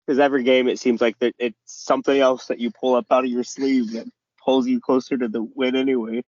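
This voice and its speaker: Friendly, slightly hoarse podcast co-host. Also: male voice, medium pitch, little pitch movement, fairly quick, a little mellow, no echo, lo-fi sound. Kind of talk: casual chat about tabletop gaming.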